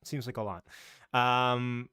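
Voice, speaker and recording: A man's voice: medium pitch, flat delivery, slow pace, sharp tone, clear, resonant tone, no echo, studio quality. A man hosting a casual live stream about the market, chatty and loose, greeting viewers as he talks. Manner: talks in loose, restarting sentences.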